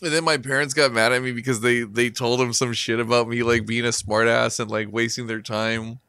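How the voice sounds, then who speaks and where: A man's voice: medium pitch, little pitch movement, a little fast, pushed and bright, clear, resonant tone, no echo, clean studio sound. A middle-aged man, a podcast co-host, telling a sarcastic story in casual chat, swearing freely and laughing often.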